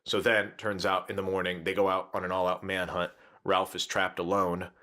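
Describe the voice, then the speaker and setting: Low-voiced man casually retelling a story. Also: little pitch movement, normal speed, sharp tone. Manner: rambling, breaks into laughs. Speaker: podcast host retelling a novel. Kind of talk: casual podcast chat.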